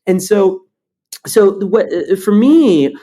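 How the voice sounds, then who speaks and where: A man with a high-pitched voice speaks slowly as a guest in a conversational interview, where he's a startup founder and CEO. His manner is animated and blunt, with occasional swearing and energetic storytelling.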